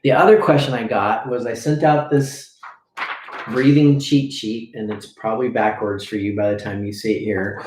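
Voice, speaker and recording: A man's voice: medium pitch, fairly even intonation, normal speed, a little mellow, slight background noise. A man as a breathing coach teaching a live lesson, demonstrating drills as he explains and often checking in with "okay?". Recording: echoey room.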